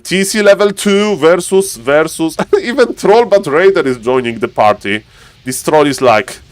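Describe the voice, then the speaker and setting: Excitable man casting a game, dry mic. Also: dry recording. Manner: animated, laughing outbursts, sudden high-pitched yelps. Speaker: game caster. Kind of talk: excited live game commentary.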